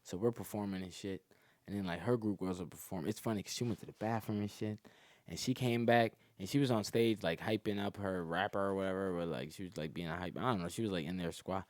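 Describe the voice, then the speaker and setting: A man's voice: low voice, fast talker, dry recording. A young man, a comedian telling crude, boastful stories full of slang and laughing at his own jokes. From Atlanta area, Georgia. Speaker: comedian guest. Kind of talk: crude storytelling.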